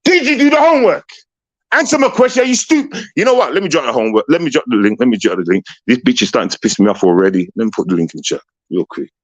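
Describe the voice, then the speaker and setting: A man's voice: mid-range voice, big pitch swings, very fast. A man hosting a livestream call-in, confrontational and repetitive, swearing and ranting at a caller. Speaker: livestream host.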